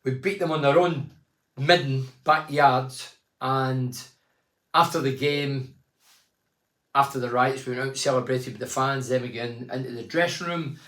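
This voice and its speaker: A man's voice: mid-range voice, steady tone, a little slow, a bit bright. Chatty man in an echoey room. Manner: chatty storytelling, reads fans' messages aloud. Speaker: phone-in show host and former footballer. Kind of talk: casual phone-in chat reading out messages.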